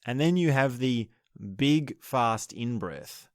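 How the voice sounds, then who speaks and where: Slow, measured male breathing teacher. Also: mid-range voice, expressive, dry recording, clean studio sound. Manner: explains step by step, demonstrating laughter breathing aloud; slow, measured delivery with restarts. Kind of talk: spoken lesson on breathing techniques.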